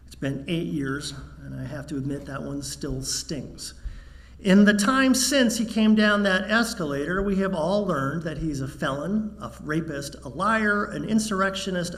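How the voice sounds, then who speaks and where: A man preaching a sermon to his congregation, measured and wry, telling a joke before turning serious. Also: a little high, a bit bright. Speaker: minister.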